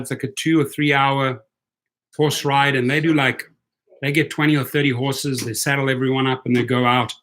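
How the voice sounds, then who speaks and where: A man's voice: mid-range voice, fairly even intonation, normal speed, fairly bright tone. Chatty man rambling in casual talk. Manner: rambling, chatty, repeats words. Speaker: vlogger. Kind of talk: casual chat.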